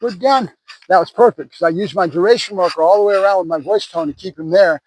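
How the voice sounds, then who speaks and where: A man's voice: high-pitched, quick pace, darkish tone, dry recording, rough recording. A man who trains dogs, talking casually to the camera outdoors between words of praise to a puppy. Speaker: dog trainer.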